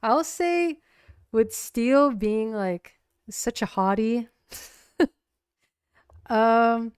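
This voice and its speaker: Brief: woman solo-player streamer, unhurried, crisp, giggly and rambling. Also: a little high, no echo, studio quality. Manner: rambling, full of likes and ums, giggly. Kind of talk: casual livestream game narration.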